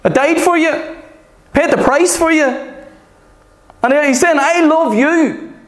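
A man's voice: very high-pitched, unhurried, a bit bright. A man preaching a sermon, earnest and emphatic, repeating his points and asking "Okay?" and "Amen?". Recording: echoey room.

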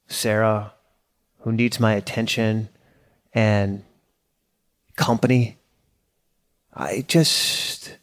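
A middle-aged man, a business coach, talking casually and energetically to his community, correcting himself and pushing points with emphatic bursts. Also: mid-range voice.

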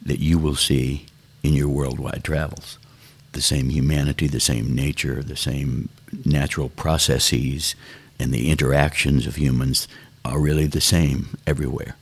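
An older man who writes songs is a guest in a reflective interview, speaking thoughtfully and at an unhurried pace. His pitch is extremely low and his voice slightly rough.

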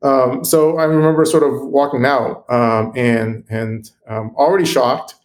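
A man being interviewed as a guest, telling a personal story in an earnest, halting way with frequent ums and restarts. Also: mid-range voice, steady tone, a little hiss or hum. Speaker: guest, computational biologist.

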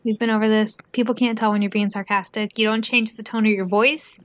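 A woman's voice: mid-range voice, flat delivery, a little fast. A young woman co-hosting a casual podcast chat, chatty and often saying "um" and "so". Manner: chatty, with fillers like um and so. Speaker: podcast co-host.

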